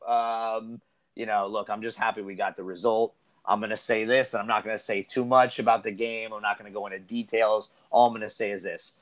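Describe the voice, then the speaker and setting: A man hosting a casual podcast discussion about youth soccer, talking in an animated, rambling way with many restarts. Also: lowish voice, fairly quick. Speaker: soccer coach and podcast host.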